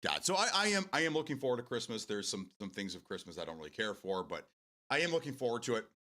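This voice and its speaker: A man's voice: fairly low pitch, big pitch swings, quick pace, bright, forceful tone. A man hosting a live stream, chatting casually with his viewers, swearing freely and drifting off on tangents. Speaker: livestream host.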